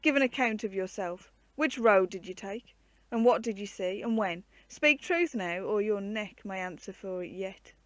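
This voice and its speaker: A woman voicing a gruff, hoarse male soldier corporal who bullies and sneers, reading a storybook. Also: medium pitch, normal speed, dry recording, natural voice. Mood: threatening. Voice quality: hoarse rasp. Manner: sarcastic, threatening, loud.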